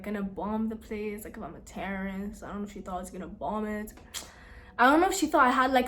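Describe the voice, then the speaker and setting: A young woman vlogger telling a story to the camera in a casual, animated, exasperated way. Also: on the high side.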